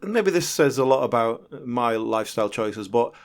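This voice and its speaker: A man co-hosting a chat podcast who makes quick jokey asides. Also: mid-range voice, animated. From Britain. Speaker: podcast co-host. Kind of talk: casual chat.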